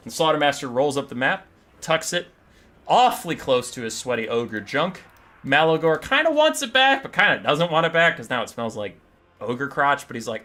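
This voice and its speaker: A man casting a strategy game battle, telling the story in an animated, jokey way with quick asides. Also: mid-range voice. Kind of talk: casual game commentary and storytelling.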